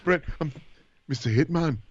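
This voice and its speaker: A man playing a strung-out, paranoid male wrestler on a drug binge, speaking in a raspy, gravelly whisper with halting bursts and hushed pleading. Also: a little high, lo-fi sound, a little hiss or hum, lightly acted. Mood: manic confessional. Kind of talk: comedic impression on a podcast.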